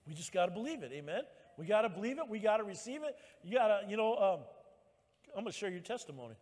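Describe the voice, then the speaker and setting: A male pastor preaching a sermon at church, emphatic and rising to loud exhortation. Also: sits high, animated, fast, long reverb tail.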